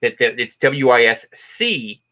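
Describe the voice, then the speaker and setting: A man from the Midwest with a bright, lively voice, hosting a loose chat show. He jokes constantly and slips into impressions mid-sentence. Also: mid-range voice, lo-fi sound. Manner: jokey, does quick accent impressions. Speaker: show host. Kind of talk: casual chat.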